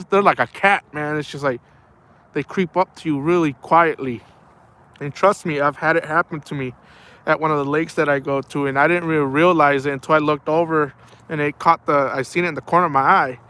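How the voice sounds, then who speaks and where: A man's voice: fairly high pitch, pushed and bright, clean tone. A man chatting casually on a live stream while night fishing, rambling through stories and calling listeners man and bro. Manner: rambling, storytelling, says man and bro a lot. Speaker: outdoors streamer. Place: outdoors at night near water.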